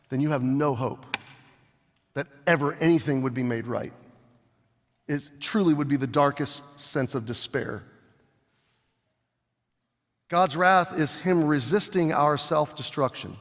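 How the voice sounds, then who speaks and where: Animated preaching man with a high voice. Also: a little slow, long pauses. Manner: animated preaching, acts out scenes, shifts loud and soft. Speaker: pastor. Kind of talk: sermon. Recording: long hall reverb.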